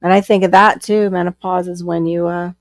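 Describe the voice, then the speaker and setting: A woman's voice: on the low side, little pitch movement, fairly quick, no echo, studio quality. A woman co-hosting a casual live stream, chatting, reading out viewer comments and laughing often.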